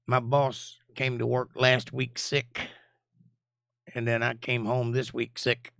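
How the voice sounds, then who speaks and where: A hoarse man with a gravelly, scratchy voice hosts a relaxed live chat stream, reading messages and cracking jokes. His voice is nearly gone, low and rough. The sound is dry and close, with no room around it. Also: slow pace, dry recording. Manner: laid-back, jokey, reads chat messages aloud. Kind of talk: casual chat.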